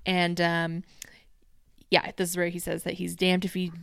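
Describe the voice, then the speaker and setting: Smooth-voiced woman recapping a show. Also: fairly low pitch, completely flat delivery, normal speed, fairly bright tone, dry recording, clean studio sound. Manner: chatty, retells scenes with lots of "he's like". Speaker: podcast co-host. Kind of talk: casual recap chat.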